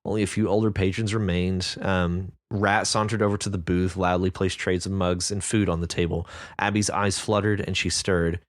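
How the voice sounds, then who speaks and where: A man's voice: moderate pace, few pauses. A man co-hosting a casual podcast about writing, chatting and reading story passages aloud with frequent laughs. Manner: relaxed, laughs often, reads passages in a low steady voice. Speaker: podcast co-host. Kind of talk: casual book-discussion chat, reading excerpts aloud.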